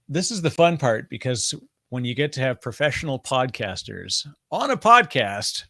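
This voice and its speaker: The host here is a Canadian man on a podcast microphone, chatty, enthusiastic and self-deprecating in a casual way. His mid-range voice has a bright, forceful tone and big pitch swings, moving at normal speed.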